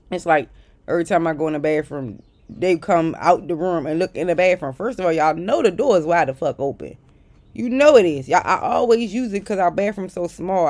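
A woman telling a casual storytime rant to her viewers, blunt and profane and exasperated, swinging between loud outbursts and muttered asides. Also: fairly low pitch. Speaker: vlogger.

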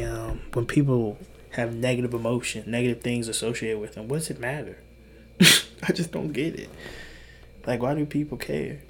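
Tired man rambling in a hushed voice. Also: medium pitch, a little hiss or hum. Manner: hushed, half-whispered rambling with swearing and laughs. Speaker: podcast host. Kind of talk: solo late-night podcast monologue.

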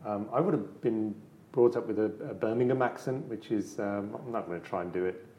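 A man's voice: lowish voice, brisk, warm tone. Hesitant English man in a roomy space. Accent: English, Midlands-tinged. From English Midlands. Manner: hesitant, many ums and restarts. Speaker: art dealer. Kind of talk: casual interview chat.

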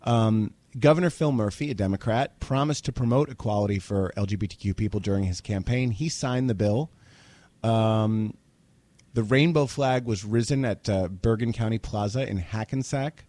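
A man's voice: fairly low pitch, normal speed, warm tone, no room sound. A man in his forties from New Jersey, co-hosting a podcast in casual chat, chatty and irreverent, swearing freely. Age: 40s. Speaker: podcast co-host.

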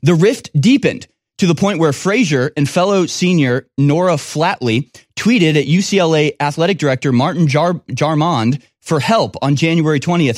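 A man's voice: fairly high pitch, moderate pace, no echo, clean studio sound. A man reading news stories aloud and breaking off into scornful, sarcastic commentary as host of his own show.

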